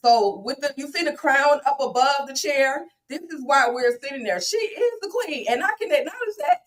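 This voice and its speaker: A woman with a high-pitched voice leads a casual TV recap, chatty and quick to laugh. She calls on her guests by name. Her voice sounds a bit distant from the mic on a video call. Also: lively intonation, a little hiss or hum. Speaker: host of a TV recap panel. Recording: voice set back from the mic.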